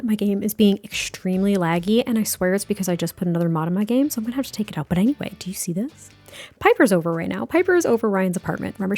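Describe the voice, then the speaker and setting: A young woman gaming creator giving casual, rambling commentary, chatty and giggly with lots of fillers. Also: medium pitch.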